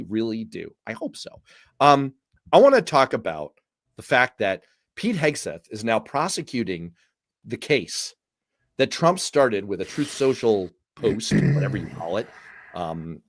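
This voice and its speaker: A man's voice: lowish voice, dry recording, studio quality. A man hosting a live-stream political commentary show, feisty and jokey, talking with a guest and reading out viewer comments. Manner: animated and feisty, jokey asides. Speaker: host.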